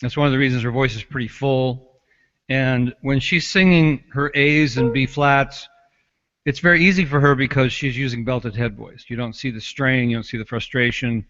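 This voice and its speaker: A man working as a vocal coach, calmly explaining technique in casual chat over a video call. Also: mid-range voice, normal speed. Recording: dull lo-fi call audio.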